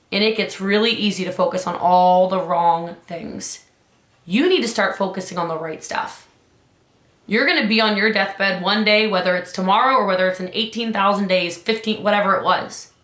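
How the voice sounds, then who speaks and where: A woman business coach giving an urgent motivational talk, her voice climbing high on key points. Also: moderate pace, fairly bright tone, roomy sound.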